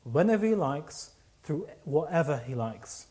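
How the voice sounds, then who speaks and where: Male preacher, slightly high voice, animated sermon storytelling, stumbles and restarts. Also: a little slow.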